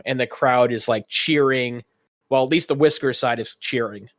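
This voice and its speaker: A man's voice: medium pitch, normal speed, fairly bright tone, no room sound, clean studio sound. A man narrating as game master of a tabletop game, describing scenes in a rambling way with many fillers.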